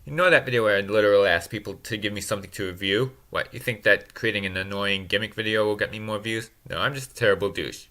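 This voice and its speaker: A man giving a sarcastic, self-mocking comedy recap of a movie in a deadpan, snarky way. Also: lowish voice, fast, few pauses. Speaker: movie reviewer.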